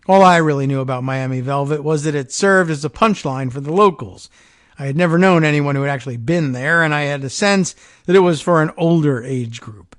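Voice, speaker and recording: A podcast host with a fairly high voice reads his listeners a long first-person story, recorded with no room sound. His dry, close-miked reading is repeatedly interrupted by quiet sardonic asides before he carries on.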